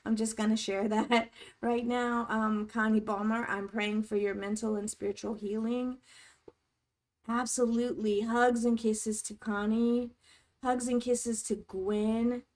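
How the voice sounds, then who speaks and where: Woman host of a casual live chat, speaking gently and supportively to her viewers in a somewhat high voice. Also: little pitch movement, measured pace. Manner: warm, supportive, reads chat aloud. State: tearing up. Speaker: livestream host.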